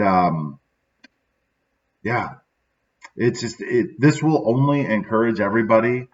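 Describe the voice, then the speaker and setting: A man's voice: on the low side, a bit bright, distant mic, muffled recording. A middle-aged man hosting a daily motivational podcast, speaking in a casual, reflective way and sounding sad and subdued, often tagging his sentences with "right?". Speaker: podcast host.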